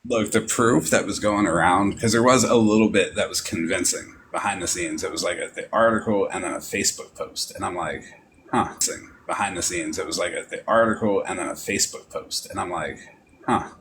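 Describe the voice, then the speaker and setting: Deep-voiced man joking on a live stream. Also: a little fast, hardly any pauses, a bit bright, slight background noise, low-quality recording. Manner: joking, easygoing banter. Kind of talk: casual livestream chat.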